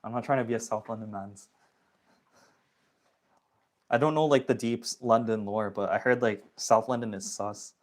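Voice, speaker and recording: A man's voice: on the low side, steady tone, normal speed, long pauses. A young man from the area, chatting casually with viewers on a phone livestream, slangy and reading chat comments aloud. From Toronto area, Canada.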